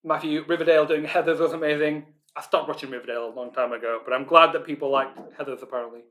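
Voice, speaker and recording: Bright, chatty Northern English man. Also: a little high, steady tone. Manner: chatty and informal, many ums, reads questions slowly and repeats them. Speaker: quiz host. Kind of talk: live online pub quiz hosting.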